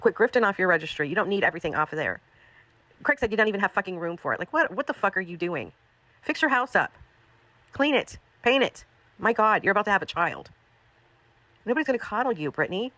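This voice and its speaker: A woman's voice: medium pitch, big pitch swings, quick pace, pauses often, sharp tone. A woman livestreamer scolding someone in a profane, repetitive, angry rant.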